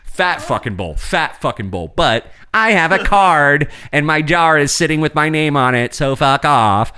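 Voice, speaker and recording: A man spins a long, profane story on a casual podcast. His pitch leaps up and down as he tells it. His voice has a bright, sharp edge. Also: animated, unhurried, clear, resonant tone. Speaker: podcast co-host.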